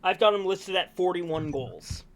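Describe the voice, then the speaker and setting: A man's voice: high-pitched, a little slow, fairly bright tone, a little hiss or hum. A man co-hosting a casual sports review, announcing award finalists in a rambling, self-correcting way while hiccuping. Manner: rambling, self-correcting, enthusiastic about players. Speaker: co-host presenting awards.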